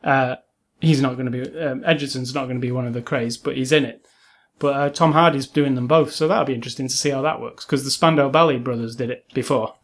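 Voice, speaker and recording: A man's voice: mid-range voice, steady tone, fast talker. A man co-hosting a casual film review chat, rambling and enthusiastic, with lots of fillers and restarts. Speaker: film podcast co-host.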